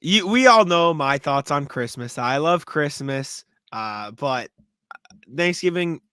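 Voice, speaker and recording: A young man co-hosting a podcast tells, in casual chat, a story about a drunken night out, laughing and swearing plenty. His voice is on the high side, expressive, and slow, with a sharp yet smooth tone and no echo.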